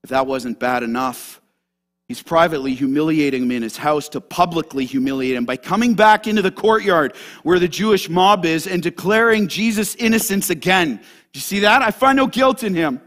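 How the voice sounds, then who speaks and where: A man preaching a sermon as a pastor, swinging from loud shouted lines to hushed asides. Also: fairly high pitch, a little fast.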